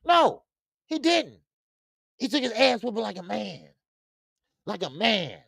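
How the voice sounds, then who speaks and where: A man hosting a boxing talk stream, speaking casually and loudly, cursing freely, repeating himself and reading viewer comments aloud. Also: sits high, measured pace, creaky, no echo, studio quality. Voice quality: loud, animated, profane, repeats himself. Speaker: boxing show host.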